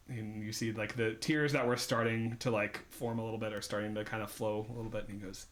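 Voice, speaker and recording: A man's voice: lowish voice, level tone, quick pace, few pauses. A man narrating a tabletop game as dungeon master, rambling with fillers and restarts.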